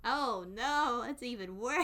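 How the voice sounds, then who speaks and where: A woman's voice: fairly high pitch, pushed and bright. A young woman with a Southern US accent, chatting casually with her live stream chat, playful and often laughing.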